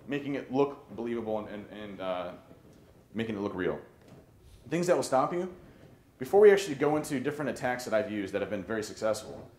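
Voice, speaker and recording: A man giving a conference talk on social engineering, animated and joking, often restarting his sentences. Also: medium pitch, a little hiss or hum. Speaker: conference speaker. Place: conference hall. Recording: roomy hall with faint ambience.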